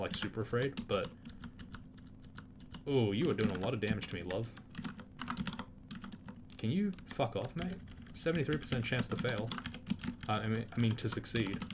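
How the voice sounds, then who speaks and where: A man with a lowish voice provides casual, profane commentary on the game he's playing, turning indignant and loud at enemies. Background noise and loud keyboard clicks are picked up by his mic.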